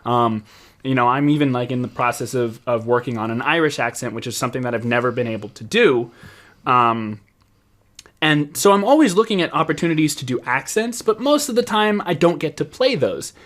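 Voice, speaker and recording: A man's voice: medium pitch, expressive, a little fast, a bit bright. A young man, a voice actor co-hosting a casual podcast, telling stories with frequent ums and restarts. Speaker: voice actor co-host.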